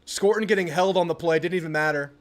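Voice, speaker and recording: A young man hosting a live football watch party, chatting casually about the game and bursting into excited yelling at the TV on big plays. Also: a little high, quick pace. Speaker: sports channel host.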